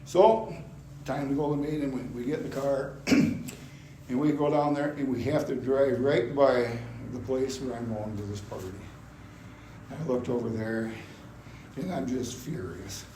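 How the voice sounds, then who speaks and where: An older man giving a personal testimony at a gospel meeting, telling his story in an animated way and acting out his past anger. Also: medium pitch, measured pace. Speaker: testimony speaker. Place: gospel hall. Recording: echoey hall, faint background noise.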